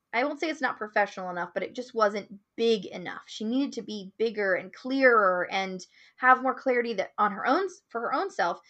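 A woman guest who owns a marketing business, telling a client story in a casual interview and acting out the quoted lines. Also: mid-range voice. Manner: animated storyteller, acts out quotes.

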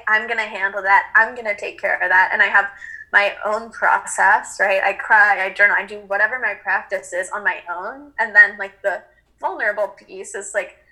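A woman's voice: mid-range voice, sharp tone, poor audio. A woman speaking earnestly and reflectively in a casual spiritual chat, with frequent fillers.

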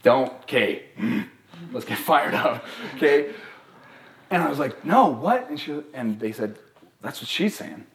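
A young man, a therapist and podcast co-host, tells a personal story in a casual live podcast chat with animated energy. His medium-pitched voice is unhurried, he keeps checking in with listeners with many "right?" tags, and the space has a roomy echo.

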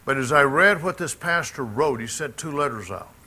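The pastor, a middle-aged Southerner from Mississippi, speaks slightly high and expressively at a moderate pace, his tone bright and forceful. He preaches to the congregation with folksy emphasis and side remarks to the audience.

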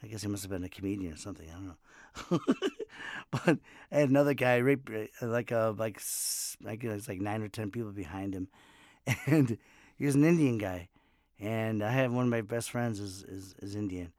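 A man's voice: on the low side, normal speed, darkish tone, dry recording, studio quality. A man in his fifties, a comedian and podcast host, telling casual stories in a rambling way and laughing often. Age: 50s. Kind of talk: casual monologue. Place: home in Los Angeles.

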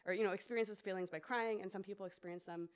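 A woman's voice: mid-range voice, steady tone, racing, smooth. A woman who teaches preschool, co-hosting a podcast in casual chat full of fillers. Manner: chatty, many fillers, acts out story voices.

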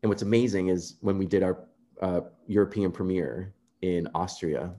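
A man being interviewed, telling a personal story in an earnest, animated way and acting out quoted remarks. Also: low-pitched, normal speed. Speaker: composer guest.

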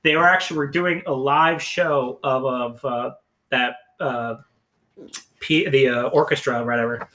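A man's voice: mid-range voice, a little slow, poor audio. A man co-hosting a podcast, chatting casually about comedy films and animatedly retelling scenes. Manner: animated storyteller, acts out quotes. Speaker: podcast co-host. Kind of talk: casual chat.

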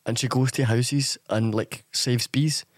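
A man talks as a guest on a podcast in a relaxed, easygoing way, often agreeing. His voice sits in the middle of the range. The recording is dry and close. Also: medium pitch, unhurried, no room sound. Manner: relaxed, agreeable, says "aye" a lot. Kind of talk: casual chat.

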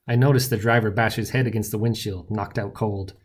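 A man narrating a novel in the first person with wry, lively storytelling. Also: on the low side, fairly quick, slightly rough. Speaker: audiobook narrator.

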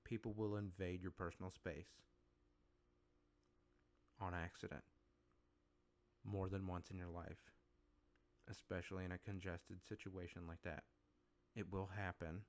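A low-voiced man hosts a solo podcast, ranting bluntly and swearing freely. His delivery is casual, opinionated and irritated. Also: flat delivery, a little slow, pauses often. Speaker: podcast host.

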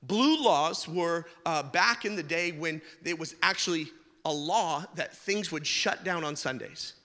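A high, bright male voice preaching with a joking, conversational touch. His words ring out with a long hall reverb behind them, and he shifts easily between stories and the message. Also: unhurried. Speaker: pastor. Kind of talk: sermon with humorous stories.

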